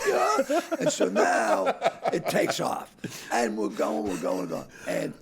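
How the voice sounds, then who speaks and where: An older man, a comedian guest, telling stories in casual chat, acting out dialogue in quick bursts with a gravelly, husky voice. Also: a little high, wildly swooping pitch, a crowd in the background.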